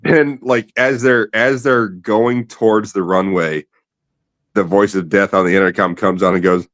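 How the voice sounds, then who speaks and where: A man's voice: lowish voice, moderate pace, a bit bright, no echo. A man hosting a casual late-night chat, rambling through stories and swearing freely. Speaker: podcast host.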